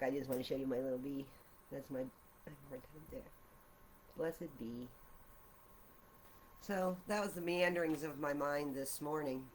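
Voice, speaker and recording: A woman vlogging while she draws in her art journal at home, talking in a soft, meandering way full of rhyming affirmations, recorded on a camera mic. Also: sits low, a little hiss or hum. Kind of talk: meditative casual chat while drawing. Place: at home, seated at a desk.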